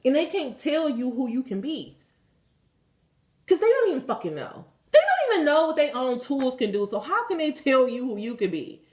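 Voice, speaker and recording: A woman's voice: high-pitched, very animated, moderate pace, darkish tone, echoey room. Blunt, swearing woman giving a pep talk. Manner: blunt, swears freely, emphatic. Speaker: tarot reader. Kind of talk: spiritual pep talk and affirmations.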